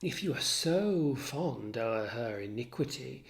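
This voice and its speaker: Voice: medium pitch, wildly swooping pitch, takes it slowly, pitched above the performer's own voice, exaggerated voice. A tutor reading a scheming manipulative ensign. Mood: sneering. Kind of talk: dramatic reading of a play.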